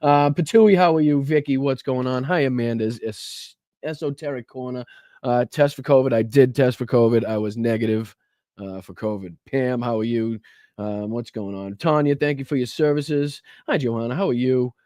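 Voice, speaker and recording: A man's voice: medium pitch, fairly even intonation, normal speed, dark tone, dry recording, studio quality. A man with a Boston accent, congested from a chest cold, hosting a casual political live stream in a loose, profane way and greeting viewers by name. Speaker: podcast and live stream host.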